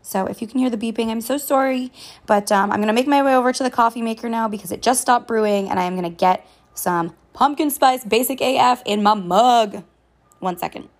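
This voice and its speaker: A woman's voice: fairly high pitch, brisk. A woman vlogging a casual coffee review from her home kitchen, chatty and upbeat, cursing freely as she talks. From Canada. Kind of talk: casual chat.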